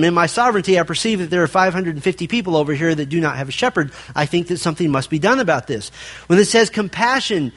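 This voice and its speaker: Guy preaching a sermon, kinda high voice, earnest, repeats his points, talks right to the men. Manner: earnest preaching with emphatic repetition and direct address. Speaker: pastor.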